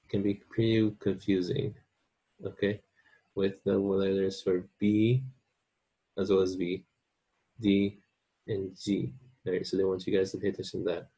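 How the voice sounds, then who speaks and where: A man's voice: fairly low pitch, dark tone, breathy edge. A man teaching an online language lesson in an informal way, checking in often with his students. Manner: informal, checks in with "okay?" and "right?".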